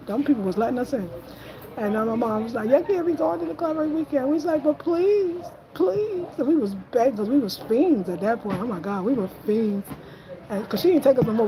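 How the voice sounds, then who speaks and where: A woman, telling stories in an animated, chatty way. She speaks casually and leans on slang. A crowd murmurs clearly behind her. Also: poor audio. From Brooklyn, New York. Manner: animated, chatty, slangy, acts out quotes in a higher voice. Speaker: host. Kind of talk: casual storytelling chat.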